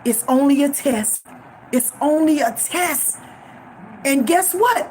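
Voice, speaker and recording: A woman's voice: high-pitched, lively intonation, takes it slowly, a little mellow, slight background noise. A middle-aged woman sharing a faith testimony, fervent and preaching, repeating phrases for emphasis.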